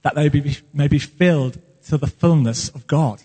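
A man's voice: a little high, moderate pace, dark tone, husky. A man preaching as the pastor of his church, speaking earnestly and with passion about his calling. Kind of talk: sermon. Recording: long hall reverb.

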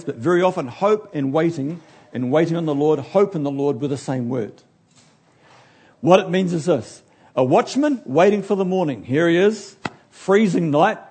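A man preaching a sermon in an animated way, acting out the figures he talks about and now and then losing his place. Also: on the high side, breathy edge. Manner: animated, acts out biblical figures, loses his place and laughs.

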